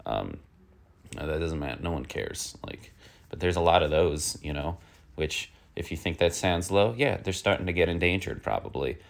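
A man with an extremely deep voice full of gravelly fry hosts his own little comic news show. He rambles along with plenty of fillers and drifts into irritable, exasperated rants. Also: expressive, normal speed. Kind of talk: casual rambling comic monologue.

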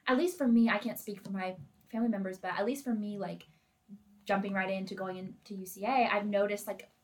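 A young woman from Oregon talks as a guest on a podcast. Her mid-pitched voice wanders through thoughts with plenty of "like" fillers. She laughs easily between phrases. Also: steady tone, brisk. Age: young adult. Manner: rambling, full of "like", laughs easily. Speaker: guest, nursing student. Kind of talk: casual podcast conversation.

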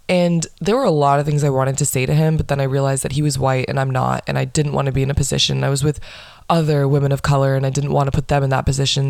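Blunt, sarcastic young woman with vocal fry. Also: very deep voice, steady tone, fast, darkish tone, no room sound, studio quality. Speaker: podcast host. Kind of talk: casual storytelling monologue.

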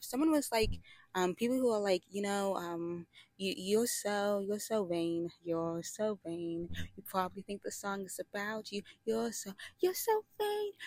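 A woman's voice: lowish voice, no room sound. A young woman giving a sassy, dramatic, rambling monologue to camera, full of asides and laughs. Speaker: vlogger. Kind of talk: casual opinionated monologue.

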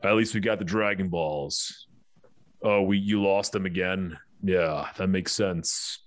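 A man voicing a stern, gruff male alien warrior from a cartoon, speaking with exasperated deadpan. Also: deep voice, unhurried, dry recording.

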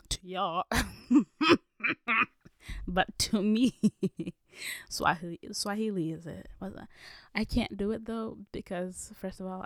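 Young kenyan woman vlogging, slow easy storytelling, slips into whispers, dry close sound. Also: medium pitch, no room sound. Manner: animated, dips into breathy whispers. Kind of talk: casual storytelling vlog.

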